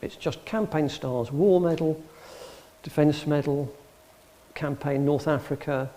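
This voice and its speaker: A man's voice: fairly high pitch, measured pace. A man giving an anecdotal public talk in a hall, telling stories and acting out the people in them. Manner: lively storyteller, acts out the people in his stories. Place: public hall in front of an audience.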